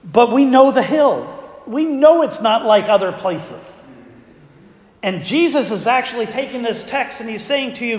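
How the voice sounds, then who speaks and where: A man's voice: extremely high pitch, animated, a little slow. A man preaching a sermon to his congregation in a conversational way, asking them frequent rhetorical questions. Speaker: pastor. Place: church sanctuary. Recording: echoey church hall with long reverb.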